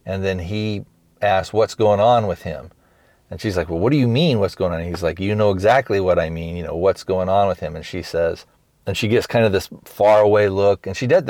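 Low-voiced man rambling through a recap. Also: a little mellow, dry recording. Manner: rambling, many restarts, acts out quoted lines. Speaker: podcast host reviewing a film. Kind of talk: casual recap.

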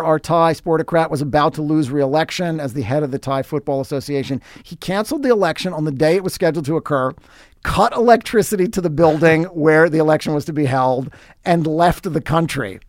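A man's voice: a little high, darkish tone, no echo, clean studio sound. A man hosting a podcast, reading scripted sports commentary with sarcastic, wry asides. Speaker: podcast host.

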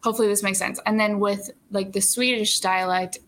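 A young woman talking easily as an interview guest, full of "like" and quick laughs. Her voice sits at an ordinary pitch, with a faint hiss of background noise behind it. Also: fairly even intonation, a bit bright. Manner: chatty, filler-heavy, laughs often. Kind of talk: casual interview chat.

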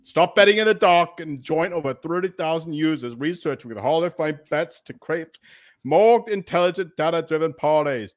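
A man co-hosting a sports betting podcast, reading a sponsor ad in a brisk promotional manner. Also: fairly high pitch. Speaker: podcast co-host. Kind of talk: read sponsor ad.

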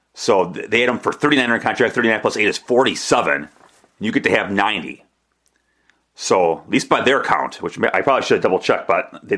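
A man with a somewhat low voice hosts a solo sports podcast. He talks in a chatty, rambling way, restarting his sentences and tossing in self-deprecating asides. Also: a bit bright. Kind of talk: casual solo podcast commentary.

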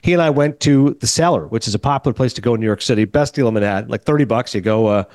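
A middle-aged man hosts a podcast and rattles through a long anecdote at high speed, acting out every exchange as he goes. The recording is dry and close, with no room sound. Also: racing, no room sound. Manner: rambling, animated anecdote with quoted dialogue. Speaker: podcast host. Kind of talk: casual storytelling chat.

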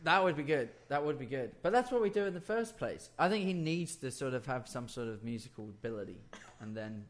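A man's voice: medium pitch, expressive, fairly quick. A man guesting on a podcast as a band musician, joking along in an easygoing, agreeable way. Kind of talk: casual interview chat.

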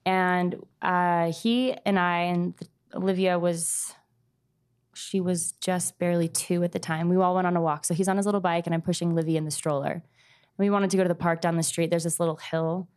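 A woman in her thirties, a guest, telling a painful personal story in a halting, soft-spoken way with many pauses. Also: fairly low pitch, little pitch movement, smooth. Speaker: grieving mother guest.

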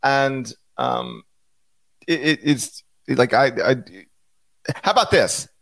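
A man's voice: mid-range voice, gravelly, dry recording, studio quality. Chatty male basketball podcast analyst. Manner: animated, chatty, with restarts and quick asides. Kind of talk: casual podcast chat.

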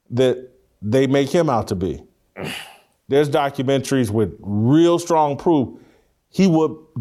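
A man's voice: mid-range voice, dark tone. A man hosting a talk show in a studio, giving blunt, emphatic opinions and repeating himself as he argues. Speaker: show host. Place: studio room with three people.

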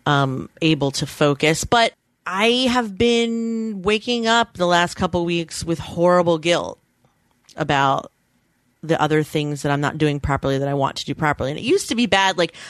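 A woman's voice: sits low, no echo. A woman in her thirties hosting a podcast, talking candidly and chattily, self-deprecating and acting out quoted lines. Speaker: podcast host. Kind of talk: casual chat.

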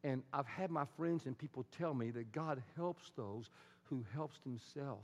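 A man preaching a sermon as pastor, using rhythmic repetition and call-and-response, building from quiet to loud. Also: mid-range voice, a little slow.

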